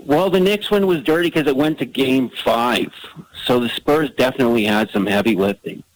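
A man's voice: medium pitch, moderate pace, slight background noise, poor audio. A man calling into a sports radio show by phone, rambling a bit. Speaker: radio caller. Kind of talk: casual call-in chat.

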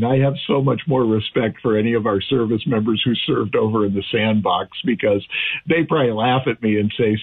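A man's voice: mid-range voice, normal speed, breathy edge. A man talking casually as an expert guest on a radio show, chatty and full of restarts. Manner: chatty, frequent restarts and fillers. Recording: phone-like radio audio.

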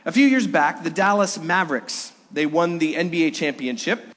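Earnest pastor preaching in a reverberant hall. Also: male voice, fairly high pitch, normal speed. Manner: earnest, swings from loud to hushed. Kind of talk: sermon. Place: church sanctuary during a worship service.

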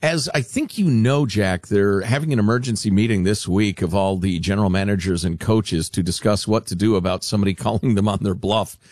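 A man hosting a radio talk show, sardonic and animated, fond of deadpan mockery. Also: fairly low pitch, brisk, hardly any pauses, no room sound, clean studio sound.

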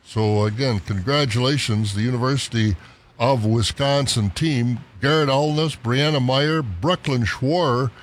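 A man's voice: mid-range voice, a little slow, slight background noise. A man hosting a farm radio show, reading dairy contest results in a chatty, rambling way with asides. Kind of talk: casual radio farm news.

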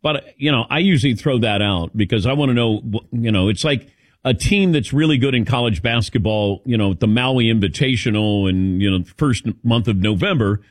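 A man's voice: mid-range voice, a little fast, no room sound, studio quality. A man hosting a sports talk radio show, chatting casually and rambling with lots of fillers. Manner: lively, rambling with many fillers. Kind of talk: casual radio chat taking calls.

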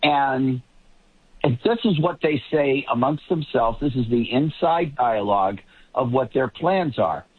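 A man's voice: mid-range voice, lively intonation, measured pace, husky. A man commenting as a guest on a political talk show, rambling and often restarting his sentences. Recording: tinny phone line.

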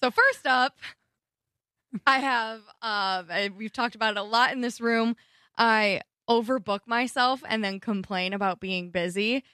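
A woman's voice: on the high side, unhurried, smooth, no echo, clean studio sound. A young woman co-hosting a radio talk show, chatting casually and poking fun at herself. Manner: animated, self-deprecating, slips into voices.

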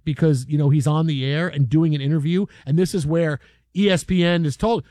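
A man's voice: fairly high pitch, fairly even intonation, a little fast, mellow, dry recording, clean studio sound. A man hosting a sports talk show who tells stories casually and animatedly, acting out the people he quotes. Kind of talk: casual storytelling.

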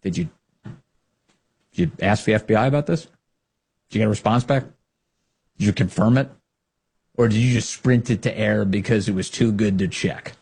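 Sarcastic husky male commentator. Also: fairly low pitch, moderate pace, pauses often. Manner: mocking, with lively put-on quotes. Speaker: political commentary host.

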